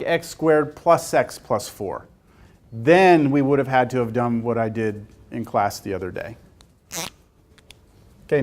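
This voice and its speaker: A man teaching a calculus class, talking casually and joking as he works through problems aloud. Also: fairly high pitch. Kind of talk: classroom lecture.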